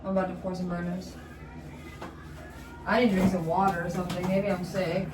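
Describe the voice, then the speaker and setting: A woman's voice: fairly low pitch, flat delivery, fairly quick, recorded from a distance, over music. A young woman chatting casually on an eating vlog, laughing often and filling her talk with 'like' and 'literally'. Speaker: vlogger. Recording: echoey room, voice off-mic, faint noise.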